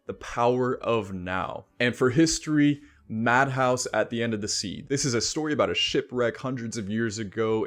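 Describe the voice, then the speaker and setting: A relaxed man talks straight to camera in an easygoing, chatty way. His voice sits at an ordinary middle pitch for a man, and he often laughs while giving advice. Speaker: style and self-improvement vlogger. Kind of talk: casual advice vlog with sponsor read.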